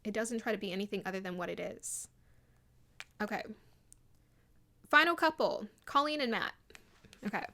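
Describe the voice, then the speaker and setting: A young woman giving casual, animated commentary on a dating show, acting out quotes in an excited voice. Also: medium pitch, moderate pace, creaky, pauses often. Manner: chatty and animated, mimics people in quotes.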